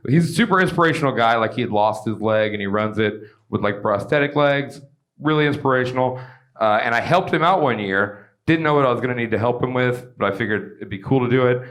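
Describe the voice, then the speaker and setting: A young man from Georgia doing a stand-up comedy set on stage, animated, with shouted bits and quick asides. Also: medium pitch. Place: comedy stage with a live audience.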